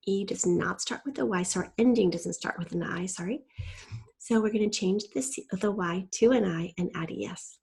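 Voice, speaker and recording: A woman's voice: medium pitch, vocal fry, a little mellow, husky. A woman teacher giving a patient, step-by-step spelling lesson and spelling out letters from a shared document.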